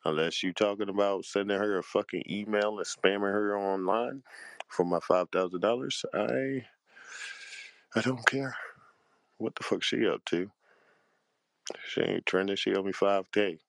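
A man's voice: lowish voice, vocal fry, no room sound. A man who hosts panels, venting in a heated, profane and exasperated rant. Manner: profane, heated and exasperated, with a drawn-out tired delivery. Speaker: panel host. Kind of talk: angry livestream rant.

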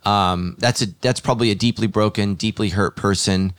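A man with a fairly low voice, a pastor hosting a podcast conversation. He talks earnestly and thoughtfully, circling back with fillers and restarts. The sound is dry and close, with no room around it. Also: steady tone, moderate pace, fairly bright tone, clean tone, no echo.

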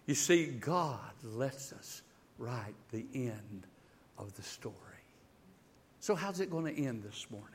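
An animated male pastor preaches slowly at medium pitch, swinging from powerful, emphatic crescendos to soft, intimate stretches and repeating words along the way. A little hiss or hum is present.

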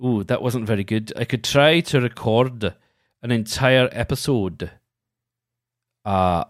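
A man putting on a self-conscious mock Scottish accent, drawing his words out slowly and playfully. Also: mid-range voice, no echo, clean studio sound, lightly acted. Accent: put-on Scottish. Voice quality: drawn-out, self-conscious put-on voice.

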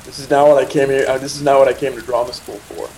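A man's voice: mid-range voice, level tone, fast, darkish tone, slight background noise, poor audio. A young man casually telling a personal anecdote, rambling with restarts and asides and quoting himself and others. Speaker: storyteller.

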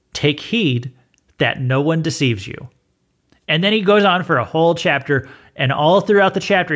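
A man's voice: on the high side, fairly bright tone. A man hosting a podcast, talking in a casual, rambling monologue full of fillers and restarts. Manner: rambling, with frequent fillers and self-corrections. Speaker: podcast host.

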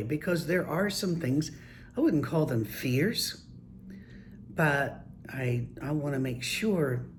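An older man, a grandfather, telling casual anecdotes in a relaxed, folksy, wry way. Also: on the high side, slight background noise. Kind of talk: casual storytelling monologue.

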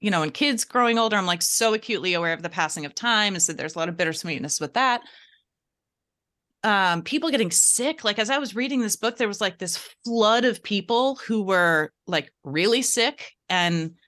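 A woman's voice: medium pitch, expressive, normal speed, a bit bright. A woman co-hosting a book podcast, speaking candidly and wistfully with many fillers. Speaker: book club podcast co-host. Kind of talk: casual book chat.

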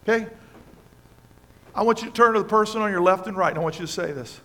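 A man's voice: sits high, fast talker, pauses often, a bit bright, a little hiss or hum. A man preaching a sermon as pastor in a church, emphatic and passionate, repeating phrases for stress. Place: church sanctuary with congregation.

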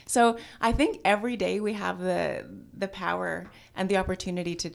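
A woman guest on a podcast, telling a personal story in an animated, self-deprecating way. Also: mid-range voice, moderate pace, creaky. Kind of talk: storytelling in casual conversation.

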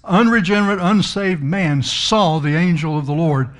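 A middle-aged man delivers a sermon as a told story, folksy and emphatic. His voice sits a little high for a man, and he leans hard on the words he wants to land. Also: normal speed. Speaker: preacher.

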